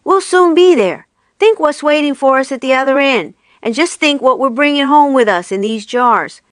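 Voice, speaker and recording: A woman's voice: high voice, normal speed, smooth, dry recording, studio quality, pitched above the performer's own voice, lightly acted. Mister Fox, a cheerful fox father, as a woman reads him.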